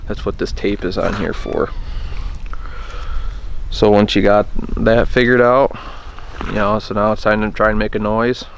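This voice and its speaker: A man's voice: lowish voice, steady tone, unhurried, creaky, a little hiss or hum. A man casually explaining a hunting call outdoors, plainspoken and self-deprecating. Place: outdoors in bright sun.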